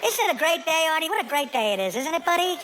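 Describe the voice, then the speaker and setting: A man's voice: very high voice, sing-song, quick pace, bright, forceful tone, exaggerated voice. A comedian voicing a relentlessly cheerful older Southern male rehab counselor who repeats himself, in a noisy live stand-up recording. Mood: chipper. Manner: relentlessly chipper, repetitive.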